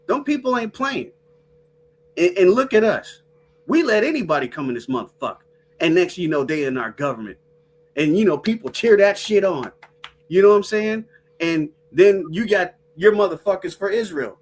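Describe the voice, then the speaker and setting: A woman hosting a podcast, ranting with profane, animated storytelling in casual chat. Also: mid-range voice, normal speed. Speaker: podcast host.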